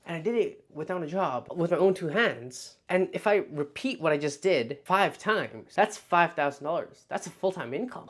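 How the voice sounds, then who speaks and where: A young man talking casually to camera as a vlog host, telling animated stories and acting out his past thoughts, with lots of "like.". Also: fairly high pitch, moderate pace. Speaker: freelance marketer and video host.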